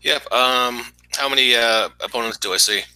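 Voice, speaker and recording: A man's voice: mid-range voice, moderate pace, sharp tone, clear, resonant tone, no room sound, poor audio. A man playing a tabletop game who plans his moves aloud step by step, with hesitant fillers. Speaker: player.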